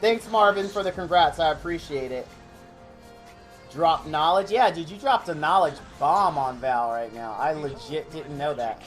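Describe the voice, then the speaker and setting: A man live-streaming a game, rambling excitably and thanking viewers in chat by name. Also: fairly high pitch, normal speed. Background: faint game music.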